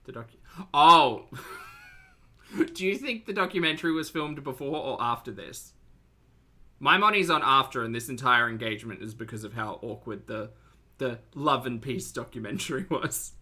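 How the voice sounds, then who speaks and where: A woman's voice: very deep voice, expressive, moderate pace, sharp tone, husky. A woman streaming live, reacting to videos with sarcastic, teasing commentary and thanking her chat.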